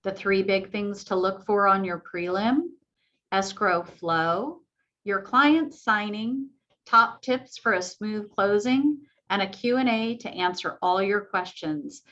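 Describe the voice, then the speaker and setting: A woman hosting a webinar, reading out the agenda in an even, organized way before handing over to the presenter. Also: mid-range voice, slow. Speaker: webinar host. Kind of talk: scripted introduction. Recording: slightly dull lo-fi webinar audio.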